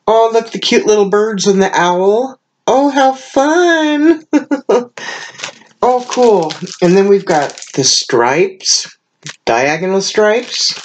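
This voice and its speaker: A woman's voice: deep voice, a little hiss or hum. A woman unboxing a craft mail package and chatting casually, gushing with frequent exclamations and laughs, sounding tired. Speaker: craft channel host.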